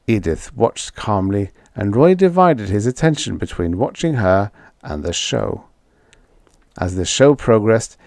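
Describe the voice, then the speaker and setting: A man narrates an old science fiction story with expressive storytelling. His voice sits low and moves lively through its pitch. The recording is close and dry. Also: no room sound. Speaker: audiobook narrator.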